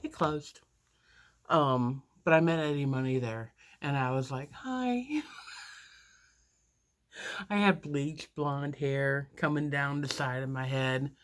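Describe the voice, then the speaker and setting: Fifty-something lady rambling slowly thru a story while doing makeup, lots of ums. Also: a bass voice, steady tone. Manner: rambling, with many fillers and restarts.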